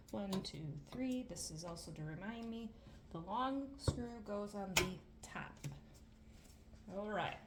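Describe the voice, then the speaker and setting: A woman's voice: mid-range voice, recorded from a distance. A woman vlogger talking viewers through a home repair step by step, thinking aloud with jokey asides, recorded in her home entryway. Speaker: DIY vlogger. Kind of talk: casual step-by-step repair narration. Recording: echoey room, off-mic, background noise.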